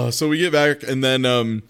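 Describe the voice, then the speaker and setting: A man in casual conversation, retelling a story with lots of energy and jumping into quick impressions of the characters. His voice sits at an ordinary middle pitch. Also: gravelly. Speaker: podcast co-host recapping an anime. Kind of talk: casual chat.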